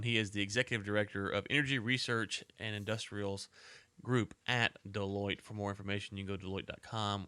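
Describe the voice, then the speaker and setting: A man's voice: lowish voice, bright, forceful tone, clear, resonant tone, no room sound. A man with a Southern US accent, co-hosting a podcast in joking, upbeat banter. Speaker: podcast co-host. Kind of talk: casual chat.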